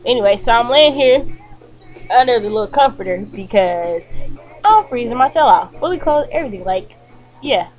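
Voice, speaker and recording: A woman's voice: on the high side, normal speed, low-quality recording. Young woman, college-student vlogger, casual and chatty, lots of ums and likes, recorded in a bedroom. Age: young adult. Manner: chatty, animated, frequent fillers like um and like. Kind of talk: casual chat to camera. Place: bedroom, indoors.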